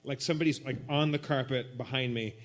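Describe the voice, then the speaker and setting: A man telling a comedic story at a live show, animated and prone to shouted re-enactments. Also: mid-range voice, fairly quick. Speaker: guest storyteller.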